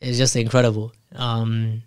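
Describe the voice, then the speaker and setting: A man's voice: mid-range voice, little pitch movement, measured pace, smooth, dry recording. Man, casual monologue, candid, self-reflective, restarts sentences, dry close recording. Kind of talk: casual personal storytelling monologue.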